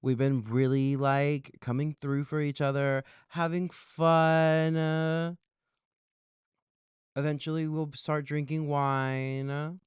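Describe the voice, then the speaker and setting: A man's voice: fairly high pitch, little pitch movement, slow pace, smooth, no echo. A man hosting a podcast in casual chat, playful, campy and teasing. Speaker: podcast host.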